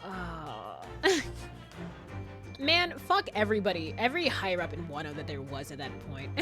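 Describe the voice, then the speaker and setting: A woman's voice: fairly low pitch, wildly swooping pitch, moderate pace, music in the background. A young woman streaming a game, chatting casually, laughing often and swearing freely.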